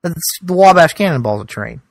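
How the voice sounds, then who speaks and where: A man co-hosting a podcast in casual chat, with a dry, deadpan, grumbling manner. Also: on the high side, fairly quick, vocal fry, no room sound. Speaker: podcast co-host.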